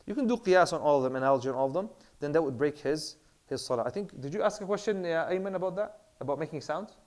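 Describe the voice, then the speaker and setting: A man teaching an online class on Islamic prayer law in a relaxed way. He mixes Arabic terms into his English, with many fillers and repeated words. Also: on the high side, fast. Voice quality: clears throat, says he has a bad throat. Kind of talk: casual classroom lecture.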